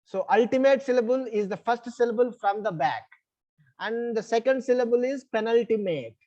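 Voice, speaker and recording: A man's voice: very high-pitched, expressive, normal speed, mellow, lo-fi sound. A man with an Indian English accent teaching an online English class. He explains the rules step by step, repeats them, and checks that the students follow. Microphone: online class call.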